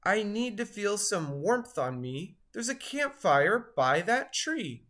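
A cheerful, shivering snowman, as a woman reads him aloud, stretches his words slowly and lets his voice swoop around. He sounds childlike and friendly, a storybook character fighting the cold. The delivery is unhurried and lively. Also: mid-range voice.

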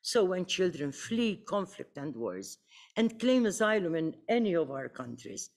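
A woman's voice: fairly low pitch, very animated, unhurried, darkish tone. A woman from the Mediterranean speaking on a panel, earnest and rising to urgent appeals. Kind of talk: impassioned panel speech.

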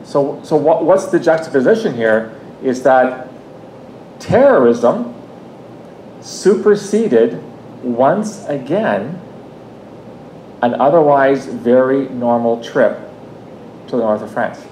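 A man's voice: expressive, slow pace, long pauses, a little mellow. A Canadian man in his fifties giving a public talk, telling a personal story in a conversational way with frequent restarts and asides. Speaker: guest speaker. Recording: echoey room, faint rumble.

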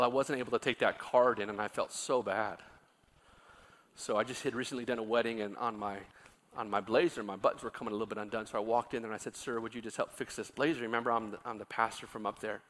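A middle-aged male pastor preaching a sermon, telling a story quietly, then rising into loud, impassioned exhortation. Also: mid-range voice.

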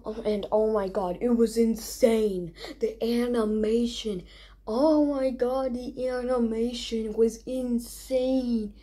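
A young woman hosting a casual countdown, excitable and rambling, recorded at home late at night. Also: medium pitch. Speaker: video host. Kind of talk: casual awards-style countdown.

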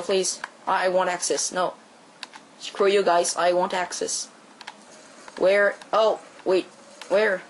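A native French speaker from Quebec, Canada, with a Quebec French accent, gives casual gameplay commentary, bursting into high yelps and swearing. The recording is rough, with a little hiss or hum.

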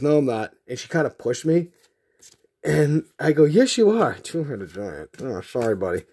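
With a medium-pitched, breathy voice, a middle-aged Massachusetts man opens card packs and rambles through a long childhood story between them. His telling is animated and heavy with fillers.

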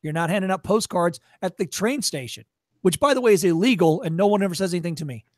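Male workshop presenter, high voice, dry sound; blunt, profane, tough-love delivery. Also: no room sound. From Chicago area. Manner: acts out shopkeepers in quick voices. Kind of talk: workshop lecture.

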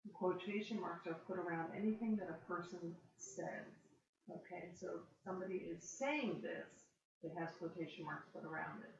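A woman tutoring a reader one-on-one, patient and encouraging, explaining words slowly. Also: on the low side, crowd noise. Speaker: reading tutor. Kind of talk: one-on-one reading lesson. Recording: distant, echoey, dull-sounding room recording.

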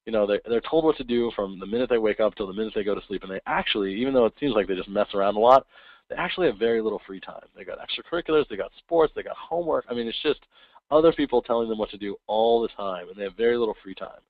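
A man giving a casual webinar talk, acting out quick voices of kids and parents. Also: fairly low pitch, expressive, no room sound. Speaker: webinar presenter. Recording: tinny phone-like line, dry.

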